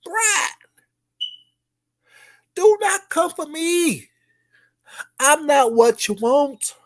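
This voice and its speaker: Youtuber going off in a callout rant, cussing, taunting, yelling then muttering. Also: expressive, drawn-out words. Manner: loud, profane, taunting, swings between shouting and low mutters; keeps repeating the target's name mockingly. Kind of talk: ranting call-out vlog.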